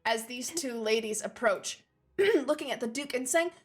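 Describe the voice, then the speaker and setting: A woman's voice: fairly high pitch, lively intonation, moderate pace. Chatty young woman running a tabletop game. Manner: casual, rambling, with filler words. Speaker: game master.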